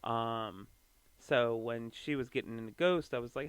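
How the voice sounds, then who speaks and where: A man's voice: mid-range voice, slow pace, clean tone, dry recording. A young man hosting his own podcast, rambling casually about music with lots of swearing, fillers and restarts. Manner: loose and profane, full of fillers and restarts. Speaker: podcast host.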